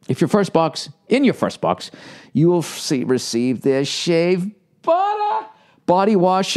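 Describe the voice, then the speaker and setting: A man's voice: a little high, a little mellow. Sarcastic man riffing through ads. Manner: sarcastic, riffing off ad copy with profanity. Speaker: podcast host. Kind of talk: casual podcast ad read.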